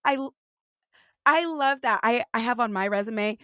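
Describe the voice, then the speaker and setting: A woman's voice: fairly high pitch, moderate pace, a bit bright, no room sound, studio quality. A woman hosting a podcast interview in casual, bubbly, teasing chat, gushing over her guest. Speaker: podcast host.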